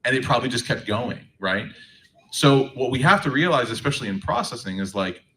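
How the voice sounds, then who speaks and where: A man's voice: medium pitch, a little fast, distant mic, a little hiss or hum, poor audio. A man giving a faith talk to a live audience, telling humorous stories with lots of fillers. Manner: animated, humorous storytelling, many fillers.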